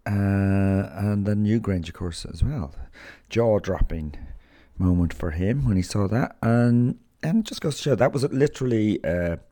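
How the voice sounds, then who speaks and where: Deep-voiced Dublin Irish man, chatty. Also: a little slow, mellow, dry recording, studio quality. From Ireland. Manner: chatty, rambling, with slang and fillers. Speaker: podcast host and comedian. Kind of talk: casual podcast chat.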